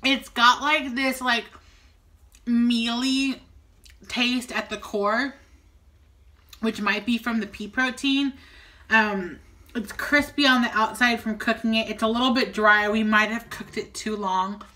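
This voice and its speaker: A woman talks through a food tasting in a relaxed, chatty way, often dropping in "like". Her voice is bright and clear-edged, at an ordinary pitch for a woman. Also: a little slow. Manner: chatty, descriptive, fond of fillers like "like". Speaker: co-host of a vegan food review channel. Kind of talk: casual food-tasting chat.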